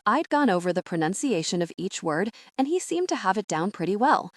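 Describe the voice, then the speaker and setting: A woman narrating a novel in first person with a wry, sardonic edge. Her pitch swings a great deal as she tells the story. The sound is dry and close, with no room around it. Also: big pitch swings, fairly quick, no room sound. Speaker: audiobook narrator.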